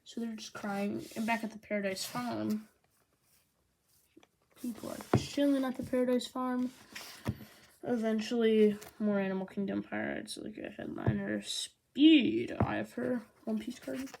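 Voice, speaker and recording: A woman recapping a manga volume in casual chat, sarcastic and quick to throw in little impressions of the characters. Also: fairly high pitch, fairly even intonation, gravelly, darkish tone, a little hiss or hum. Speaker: manga reviewer.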